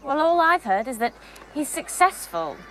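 A woman's voice: sits high, very animated, normal speed, a bit bright, slight background noise. An actress playing a persuasive, teasing young schoolgirl ringleader. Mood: persuading. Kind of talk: film acting.

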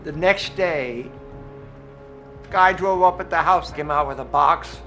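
Bright-voiced man, emotional and halting. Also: fairly high pitch, soft background music. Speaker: interviewee. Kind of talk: personal recollection.

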